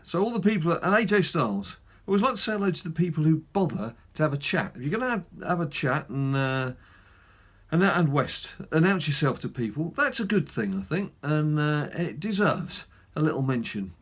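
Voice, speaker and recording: A man's voice: fairly high pitch, big pitch swings, brisk, husky. A man hosting a gaming channel, chatting casually through a mobile game with lots of fillers and self-mocking asides.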